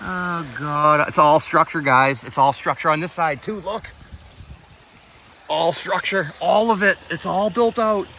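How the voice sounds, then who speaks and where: Male outdoor vlogger, slow drawn-out delivery, slightly high voice, awestruck and breathless, faint outdoor noise on a phone recording. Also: creaky, bright, forceful tone. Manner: exclaiming, awestruck, swears, talks to viewers. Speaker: vlogger exploring old bridges. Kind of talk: walking vlog narration. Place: outdoors, walking in the woods. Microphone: phone camera.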